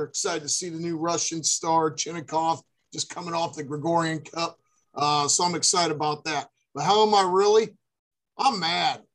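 A man co-hosting a casual podcast, talking like a fired-up sports fan. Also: on the high side. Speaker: podcast co-host.

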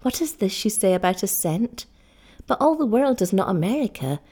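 A woman's voice: mid-range voice, sing-song, normal speed, warm tone, slightly rough. A woman reading the part of a loving, devoted young island wife in an earnest, pleading voice.

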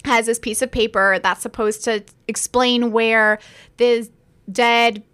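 Woman, podcast co-host, high voice, casual movie chat, says "like" a lot. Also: steady tone, takes it slowly, fairly bright tone, clean tone. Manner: chatty, peppers speech with "like".

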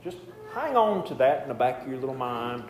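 A man's voice: mid-range voice, big pitch swings, fairly quick. A male pastor preaching a sermon in a conversational way, with joking asides. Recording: echoey hall with faint noise.

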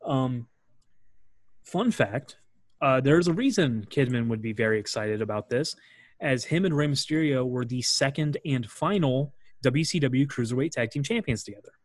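A man's voice: medium pitch, animated, moderate pace, no echo. A young man hosting a casual chat, rambling with lots of fillers and acting out quotes. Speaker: podcast host. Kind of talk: casual chat recapping wrestling.

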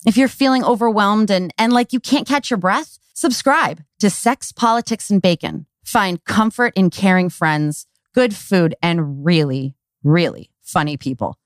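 A woman's voice: medium pitch, a little slow, no echo, studio quality. Woman reading an upbeat podcast promo. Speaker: podcast host. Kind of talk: scripted promo narration. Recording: faint music behind.

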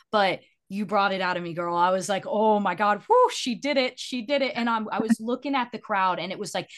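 Woman host, effusive and chatty, mid-pitched, stumbles over her words. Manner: effusive, gushing, with many restarts. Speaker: podcast host. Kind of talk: casual interview chat.

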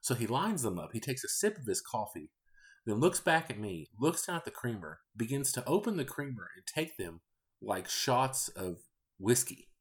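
A man in his thirties, a podcast host, telling candid stories in a casual, rambling, deadpan way. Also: medium pitch, moderate pace. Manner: candid, rambling, deadpan about odd customers. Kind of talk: casual storytelling monologue.

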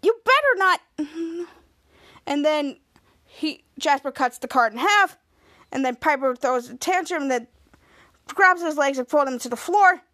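A woman's voice: high voice, moderate pace, fairly bright tone. A woman podcast host recapping a TV episode in a chatty, rambling storytelling way.

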